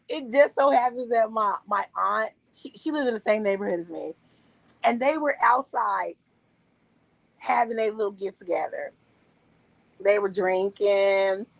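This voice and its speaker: Animated, cussing woman telling a story. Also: fairly high pitch, creaky, no echo, rough recording. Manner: profane, animated, laughs often. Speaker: streamer. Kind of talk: casual storytelling on a livestream. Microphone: streaming microphone.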